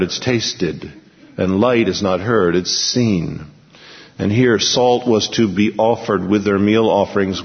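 A pastor teaching an expository sermon, reading scripture aloud and then explaining it with emphatic repetition. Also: male voice, medium pitch. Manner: emphatic, repeats key phrases. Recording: lo-fi recording in a large reverberant hall.

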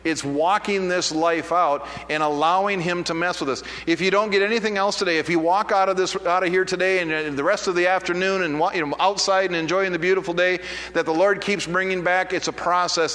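Preaching in a long-reverb hall, this pastor speaks a little fast in a high-pitched, fairly bright voice with fairly even intonation. His sermon features a personal story told in a conversational, self-deprecating way with frequent restarts.

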